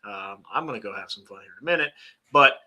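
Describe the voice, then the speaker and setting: Bright-voiced man chatting on a podcast. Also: mid-range voice, animated, fast talker. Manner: chatty, loose and joking, trails off and restarts. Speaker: podcast co-host. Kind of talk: casual chat.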